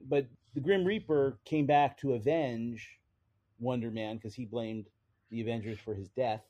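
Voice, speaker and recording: A man with a mellow, mid-pitched voice explains comic book history in a casual way. He is a podcast co-host who adds trivia and often restarts his sentences. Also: measured pace, lo-fi sound.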